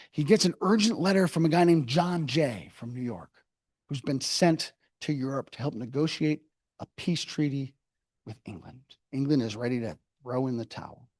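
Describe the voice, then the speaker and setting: A man giving a book talk at a university, telling history as a lively storyteller who mocks people in quick asides. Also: on the high side, no room sound. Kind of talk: public history lecture. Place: university lecture hall.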